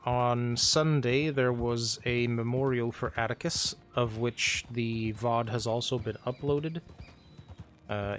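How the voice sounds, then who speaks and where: A man talks casually to his stream chat, recapping what has happened at a slow pace. He pauses often with ums, and his pitch sits in an ordinary middle range. Soft music plays faintly behind him. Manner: unhurried recap, hesitant with frequent ums.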